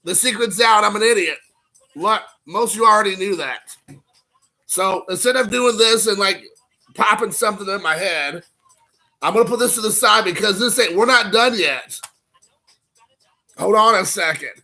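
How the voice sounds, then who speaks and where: A man with a high, bright voice and a gravelly fry at the edges. He talks casually and excitably, rambling and cracking jokes as he opens packs for his viewers. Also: moderate pace, pauses often. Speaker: card collecting vlogger. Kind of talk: casual unboxing chat.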